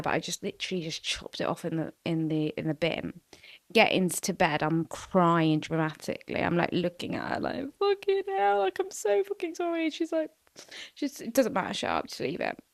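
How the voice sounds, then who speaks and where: A woman's voice: fairly low pitch, no echo, clean studio sound. A woman in her twenties hosting a podcast solo, telling a story in a chatty, sweary way full of "like" fillers. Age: 20s. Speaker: podcast host. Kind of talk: casual solo podcast chat.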